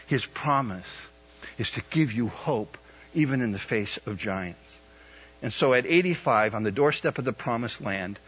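Husky-voiced pastor in his fifties preaching. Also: mid-range voice. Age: 50s. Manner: builds to loud emphatic peaks, questions the congregation. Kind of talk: sermon. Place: church service. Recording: dull lo-fi sound.

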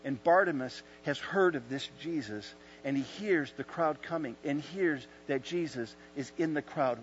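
A man preaching a sermon at an evening church service, moving from calm teaching to loud, impassioned storytelling and hushed moments. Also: mid-range voice. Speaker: pastor. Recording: dull lo-fi sound with faint mains hum.

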